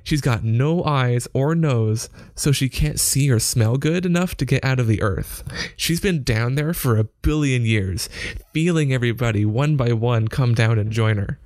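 A man's voice: moderate pace, dry recording, clean studio sound, lightly acted. A man voicing a spirited, imaginative young girl in a storybook reading. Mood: earnest. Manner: high, excited storybook child.

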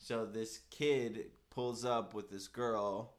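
Speaking slowly in a lowish voice, a young man tells a casual, animated story full of fillers. He acts out the voices of the people he's quoting.

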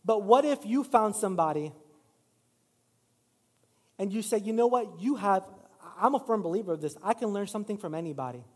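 Male pastor, middle-aged, high voice, casual storytelling sermon, reverberant church. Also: lively intonation, a little fast, pauses often, darkish tone, breathy edge. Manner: casual, self-deprecating storytelling with rising preaching emphasis. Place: church sanctuary. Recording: long hall reverb.

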